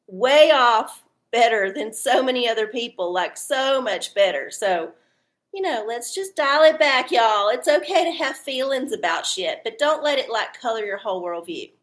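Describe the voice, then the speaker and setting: A woman hosting a casual live stream, chatty and folksy, swearing freely as she reads oracles. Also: a little high. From Texas.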